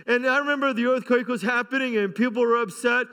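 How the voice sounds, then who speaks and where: A man's voice: extremely high pitch, a little fast, a bit bright. A middle-aged man pastor preaching a sermon fervently, with call-outs and humor, in a church. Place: church sanctuary. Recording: long hall reverb.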